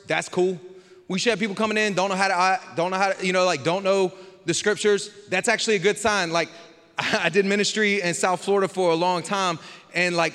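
A man's voice: high-pitched, a bit bright, in a large hall. A man preaching a casual, joking sermon as pastor and calling on the crowd for amens. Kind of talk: lively sermon.

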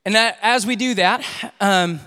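A young man preaching from the stage, his voice high and bright. He tells stories in an animated way, acting out quotes with sudden leaps in pitch. A long reverb from the church hall rings behind every line. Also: unhurried, clean tone. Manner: animated, acts out quotes with big pitch jumps. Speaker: youth pastor. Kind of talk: sermon storytelling. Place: church sanctuary.

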